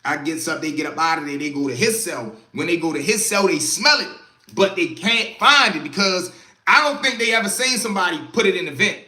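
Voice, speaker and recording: A man telling a story on a live stream in a casual, profane, animated way, punctuating with sound effects. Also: sits high, brisk, echoey room.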